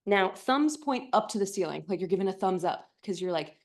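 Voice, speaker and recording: A woman's voice: medium pitch, lively intonation, brisk. Playful woman leading a yoga class. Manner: playful, chatty, jokey asides. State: slightly out of breath. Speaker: yoga instructor. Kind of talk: guided yoga class cues. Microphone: clip-on mic, sometimes moved off.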